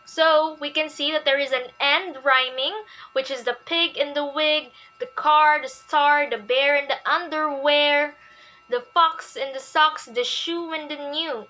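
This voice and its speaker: A young woman presents a class lesson in a high, bright voice. She talks slowly and reads her examples aloud, with faint music underneath. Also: fairly even intonation, low-quality recording. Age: young adult. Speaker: student presenter.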